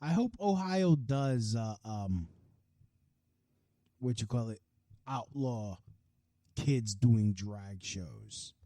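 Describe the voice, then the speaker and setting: A man hosting his own podcast, delivering a profane, heated solo rant that swings from low mutters to loud outbursts. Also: expressive, extremely slow, pauses often, no room sound. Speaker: podcast host. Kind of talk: ranting solo podcast monologue.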